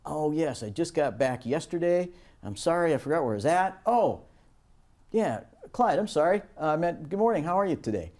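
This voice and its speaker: A man voicing a cheerful male coworker just back from a trip, chatty and apologetic, pitched above his normal voice. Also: big pitch swings, moderate pace, darkish tone.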